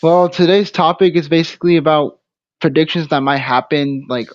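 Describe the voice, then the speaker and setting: A man hosting a casual live stream. He talks haltingly, stopping and restarting his sentences often. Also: on the high side, level tone, no echo. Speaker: stream host. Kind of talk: casual livestream chat. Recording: dull lo-fi stream audio.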